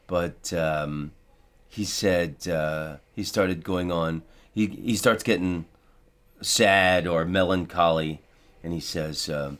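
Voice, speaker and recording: A man's voice: deep voice, slow pace, fairly bright tone. A middle-aged man hosting a podcast, chatting casually and telling funny stories with put-on voices for the people he quotes. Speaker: podcast host. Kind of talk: casual chat.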